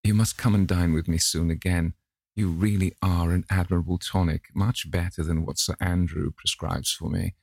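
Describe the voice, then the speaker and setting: A man's voice: low-pitched, flat delivery, gravelly, a little mellow, slightly rough, no room sound, heavily acted. A man doing a gushing elderly society hostess. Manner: fluttering, gushing, drawn-out emphasis. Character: chatty elderly society hostess, fussy and matchmaking. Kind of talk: audiobook character voice.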